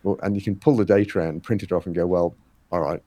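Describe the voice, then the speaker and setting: A man's voice: deep voice, steady tone, very fast, dark tone. A man being interviewed on a podcast, explaining at length with many fillers and quoted exchanges. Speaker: guest, head of a fitness race series.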